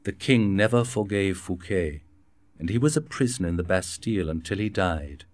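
A man reading a simplified classic novel aloud in a measured, clear storybook manner. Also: sits low, animated, no echo. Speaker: narrator. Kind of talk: scripted narration of a graded reader.

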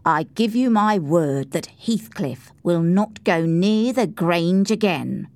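A woman's voice: on the low side, expressive, takes it slowly, a little mellow, dry recording. A woman doing a curt, commanding young master. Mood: stern.

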